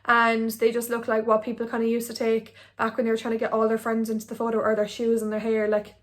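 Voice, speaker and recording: A woman's voice: a little high, completely flat delivery, quick pace. A young woman, an Instagram blogger giving tips in a chatty, rambling vlog to a phone camera. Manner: chatty, rambling, filler-heavy. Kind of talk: casual talking-head vlog. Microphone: phone on ring light.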